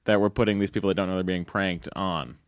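Male comedy writer, casual guest chat, halting delivery full of fillers, dry close sound. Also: low-pitched, fairly even intonation, no echo. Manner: hesitant, many fillers, playful.

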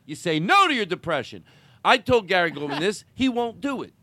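A man chatting in a loose, deadpan comedic way, often trailing off into mumbles. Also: high voice, brisk, no echo. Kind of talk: casual comedic chat.

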